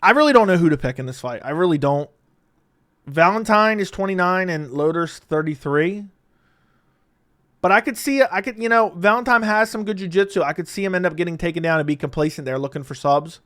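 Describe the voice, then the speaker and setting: A man casually breaking down fight predictions, blunt and profane, laughing often and swinging between loud bursts and quiet asides. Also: high-pitched, a little fast. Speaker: MMA predictions commentator.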